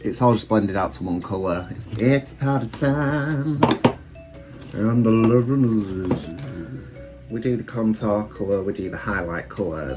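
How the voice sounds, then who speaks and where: Low-voiced British man, chatty and rambling. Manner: chatty, rambling, self-deprecating. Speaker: drag queen vlogger. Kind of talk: casual get-ready-with-me chat while doing makeup. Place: room at home. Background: faint background music.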